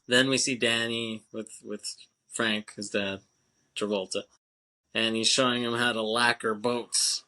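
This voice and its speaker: A man's voice: medium pitch, little pitch movement, bright, forceful tone. A young man co-hosting a podcast, casually recapping a film, rambling, laughing often and acting out the characters' lines. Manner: rambling, laughs often, acts out lines in quick put-on voices. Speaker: podcast co-host. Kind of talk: casual movie recap chat.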